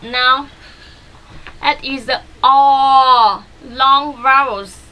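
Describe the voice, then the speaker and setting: A woman teaching English pronunciation, not a native English speaker, slowly repeating vowel drills and explaining mouth and tongue positions. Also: high-pitched, fairly even intonation, sharp tone, clean tone, poor audio. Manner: slow and deliberate, drawing out repeated vowel drills.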